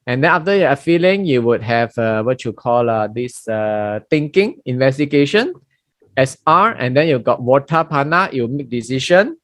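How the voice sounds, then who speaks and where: A middle-aged man giving a dharma talk in a lecture room, animated and acting out everyday scenes with colloquial exclamations, with many fillers and restarts. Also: mid-range voice, moderate pace, dry recording, clean studio sound. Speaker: Buddhist teacher.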